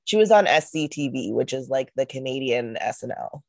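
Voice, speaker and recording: Low-voiced easygoing woman podcaster. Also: animated, normal speed, creaky, a little mellow, dry recording, studio quality. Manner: easygoing, agreeable, hesitant fillers. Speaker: podcast co-host. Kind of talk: casual chat.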